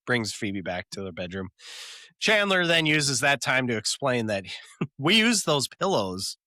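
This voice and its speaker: A man co-hosting a casual podcast, retelling scenes with quick character voices. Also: medium pitch, lively intonation, bright, forceful tone, dry recording, clean studio sound. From Upper Midwest of the US. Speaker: podcast co-host.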